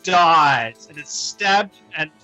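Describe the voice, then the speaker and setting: Bright-voiced man running the game. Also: a little high, lively intonation, very slow, dull audio, faint music behind. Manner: laughs often, playful. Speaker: game master. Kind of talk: narrating a tabletop game.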